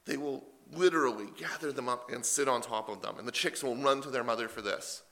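A male preacher delivering a sermon with a gravelly, crackling edge. His tone is bright and forward. He retells scripture in loose, everyday paraphrase, with plenty of animation. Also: mid-range voice, brisk.

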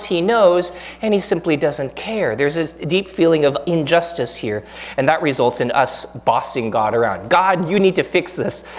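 A man in his thirties, a pastor giving a sermon in a relaxed, conversational way, joking at his own expense and acting out the prayers he quotes. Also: high voice. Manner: conversational, self-deprecating, acts out quoted prayers.

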